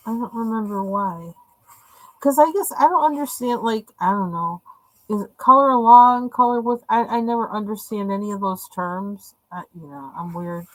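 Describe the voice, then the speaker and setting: A woman's voice: medium pitch, moderate pace, no room sound, poor audio. A woman hosting a live coloring stream, chatting casually in a rambling, hesitant way with many fillers. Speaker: livestream host coloring. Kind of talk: casual chat while coloring.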